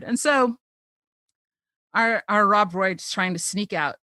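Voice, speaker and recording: A podcast host with a lowish voice speaks unhurriedly, leaving long pauses while she retells a cartoon episode in casual chat. She giggles often and tells the story with animation. No echo is present.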